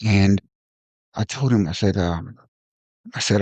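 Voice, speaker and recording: A man with a fairly low voice tells a personal story on his podcast. He speaks reflectively, pausing and restarting his sentences. The recording is dry and a little dull. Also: darkish tone, dry recording. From Ohio. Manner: reflective, halting with frequent restarts. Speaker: podcast host.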